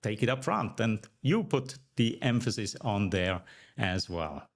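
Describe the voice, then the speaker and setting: A man's voice: lowish voice, expressive, measured pace. Reflective man, a speaking coach. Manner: reflective, tags points with "right?". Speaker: communication coach, guest. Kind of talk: interview answers.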